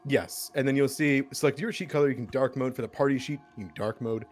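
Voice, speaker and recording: A man's voice: mid-range voice, fast talker. A man running a tabletop game over a voice call, explaining settings in an easygoing, helpful way with frequent ums. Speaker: game master.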